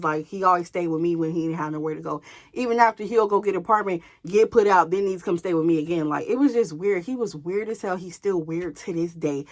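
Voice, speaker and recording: A woman vlogger telling a personal story to her viewers in an animated, casual way, swearing freely. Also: on the low side.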